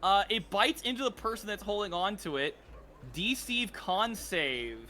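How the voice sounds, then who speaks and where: A man with a high, bright voice narrates a tabletop game as dungeon master. He talks excitedly, swears freely and shouts out the guards' lines. He is heard over a voice chat. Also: a little slow, a little hiss or hum.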